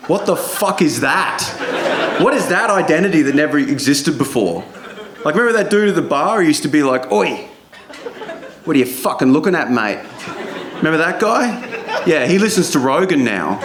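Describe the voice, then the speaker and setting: A man's voice: fairly high pitch, echoey room, a little hiss or hum. A male stand-up comedian doing a rambling, profane routine, laughing through his lines.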